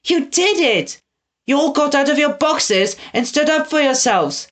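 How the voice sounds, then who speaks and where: A bold, caring young girl, voiced by a woman reading a storybook. She talks high and bouncy, brimming with eagerness. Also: animated, measured pace. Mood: excited.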